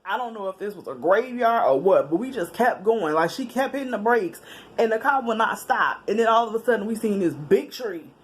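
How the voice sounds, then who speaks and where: Animated woman telling a story, casual slang. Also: mid-range voice, a little fast, slightly rough. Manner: animated, chatty, with slang and laughs. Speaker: vlogger telling a personal story.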